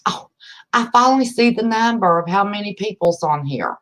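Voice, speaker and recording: A woman's voice: mid-range voice, expressive, normal speed, fairly bright tone. A woman with an Appalachian accent hosting a casual livestream from home, chatty and folksy, greeting viewers by name and calling them honey. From West Virginia. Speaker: livestream host.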